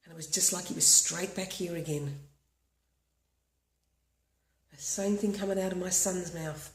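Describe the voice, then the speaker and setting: An earnest woman from Australia guides a tapping session, repeating simple affirmations as she goes. Her voice sits a little low. The room around her is echoey. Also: steady tone, measured pace, pauses often. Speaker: tapping practitioner.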